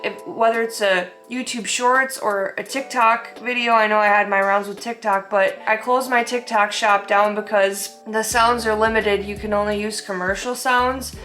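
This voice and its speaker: A woman's voice: fairly high pitch, a bit bright. A young adult woman artist talking openly and emotionally in a casual vlog, chatty with rambling asides. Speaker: artist and vlogger. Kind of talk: candid casual vlog monologue.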